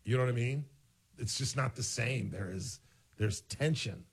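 This radio-style host has a husky, medium-pitched voice and keeps a moderate pace. In casual conversation he rambles and digresses through his own stories, performing the lines of dialogue as he goes.

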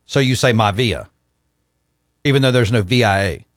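An easygoing man hosting a casual sports talk show, running through rankings and listener texts. His voice sits at an ordinary male pitch. The recording is dry and close, with no room sound. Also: normal speed, dry recording.

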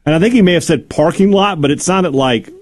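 A man's voice: on the high side, brisk, a little mellow. A man co-hosting a sports talk radio show, bantering casually and emphatically, often laughing.

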